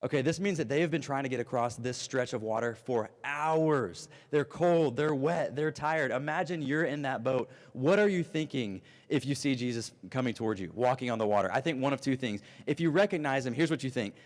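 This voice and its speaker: A man in his thirties preaching an animated, storytelling youth sermon. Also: mid-range voice, fairly quick, few pauses. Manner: animated storytelling, acts out voices. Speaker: youth pastor. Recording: long reverb of a hall.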